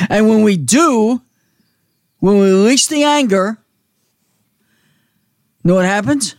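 Slow, emphatic male preacher. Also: sits high, expressive, no echo, studio quality. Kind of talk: sermon.

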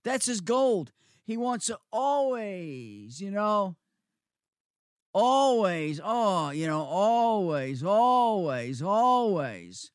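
A man's voice: high-pitched, big pitch swings, unhurried, no echo, clean studio sound. A man preaching a sermon, repeating words for emphasis and asking the listeners rhetorical questions.

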